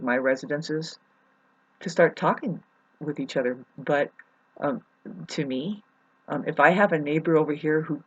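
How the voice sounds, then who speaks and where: A woman in an angry rant to camera about her neighbours, swearing, her voice swinging from shouting to low and sad. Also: a little slow, pauses often, husky, muffled recording. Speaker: vlogger. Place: home in the mountains.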